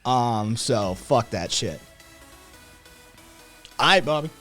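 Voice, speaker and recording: A man's voice: mid-range voice, lively intonation, slow, pushed and bright, faint music behind. Profane, rambling man hosting a livestream. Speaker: podcast host. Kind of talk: casual livestream chat, reading chat.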